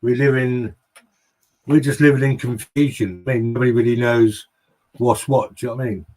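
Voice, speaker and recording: A man talks casually as a podcast co-host in a mid-pitched voice. He is relaxed and conversational and often checks in with "do you know what I mean". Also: fairly quick.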